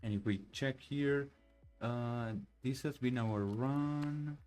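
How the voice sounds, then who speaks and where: A man casually walking through a software demo on screen, thinking aloud with many fillers and restarts. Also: mid-range voice, takes it slowly, clear, resonant tone, faint music behind, poor audio. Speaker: software developer demoing his project. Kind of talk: casual screen-share walkthrough.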